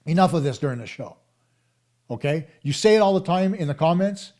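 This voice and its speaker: A man's voice: a little high, lively intonation, fairly quick, a little mellow. A middle-aged man hosting a live hockey talk stream, arguing his points emphatically and speaking straight to viewers. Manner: emphatic, argumentative, addressing viewers directly. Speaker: hockey show host.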